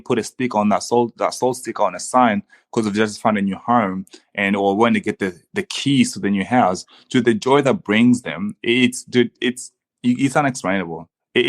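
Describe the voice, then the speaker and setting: A young man, a podcast guest talking casually and earnestly, with many restarts. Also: lowish voice. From Congo. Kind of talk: casual conversation.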